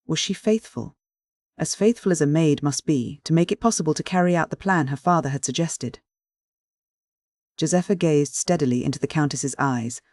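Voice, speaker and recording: A man reading a classic novel as an audiobook, with measured, earnest narration. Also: fairly high pitch, a little mellow, dry recording, studio quality. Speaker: audiobook reader. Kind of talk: scripted narration.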